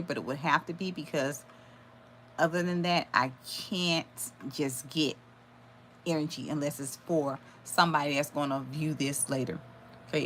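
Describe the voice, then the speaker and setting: A woman's voice: deep voice, a bit bright, a little hiss or hum. A woman giving a live tarot reading, channeling messages aloud with sudden exclamations and blunt swearing. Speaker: tarot reader.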